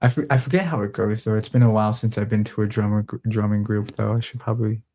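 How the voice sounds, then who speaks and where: A man's voice: lowish voice, steady tone, fast, warm tone. A man in casual live-stream chat, telling stories earnestly with many restarts.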